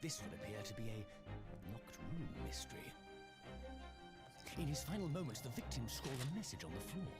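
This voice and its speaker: An actor playing a pompous, eccentric British detective, delivering theatrical deductions. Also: male voice, medium pitch, sing-song, moderate pace, pauses often, close to an everyday voice. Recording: game audio under loud music.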